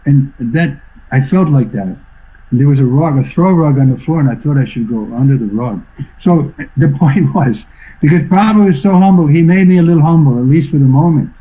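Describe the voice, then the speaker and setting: An older man from New York, a swami giving a devotional talk over a video call, telling stories reflectively and clearing his throat often. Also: fairly high pitch, brisk, dark tone, muffled recording. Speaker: swami teacher. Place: online video session.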